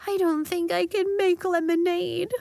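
A woman's voice: level tone, unhurried, vocal fry, mellow, no echo, exaggerated voice. A woman putting on a weepy young girl. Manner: high, tearful pleading. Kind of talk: storybook reading.

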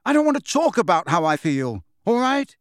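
A man reading an audiobook, voicing a grieving teenage boy wizard who shouts with a shaking voice. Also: a little high, big pitch swings, normal speed, no echo, clean studio sound. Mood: furious. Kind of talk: audiobook character voice.

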